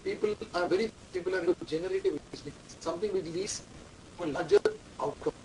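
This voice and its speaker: A management lecturer teaches a class in a high, warm, very animated voice, talking fast with vocal fry. He repeats key terms, quizzes students, and dictates instructions. The distant mic picks up faint room noise.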